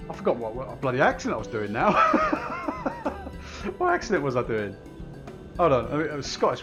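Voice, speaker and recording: A man's voice: a little high, huge pitch swings, normal speed, pauses often, over music. A man casually commenting while streaming a game, jokey and sarcastic, laughing at himself.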